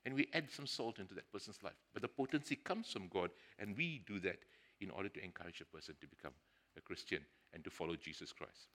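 A man's voice: deep voice, lively intonation, fast, fairly bright tone. A man preaching a sermon in an earnest way, building to emphatic bursts.

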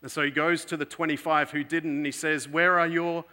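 Bright-voiced earnest male preacher. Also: on the high side, flat delivery, brisk. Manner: earnest, swings between emphatic and hushed. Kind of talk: sermon with storytelling.

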